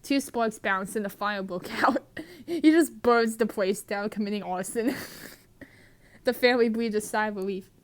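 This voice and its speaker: A woman's voice: mid-range voice, moderate pace. A woman reading a mistranslated movie script aloud for comedy, laughing throughout. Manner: laughs constantly. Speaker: narrator.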